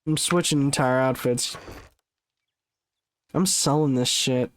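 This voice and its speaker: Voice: medium pitch, slow pace. A gaming streamer giving let's-play commentary, swearing often and ranting in exasperation.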